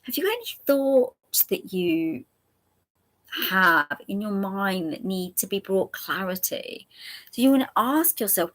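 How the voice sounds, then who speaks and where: Brief: woman hosting a live card reading. Chatty and mid-pitched, laughs easily, repeats the choices slowly for viewers. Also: sing-song. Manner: warm, chatty, laughs often, speaks directly to viewers; repeats options slowly and gently. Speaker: angel card reader hosting a live stream.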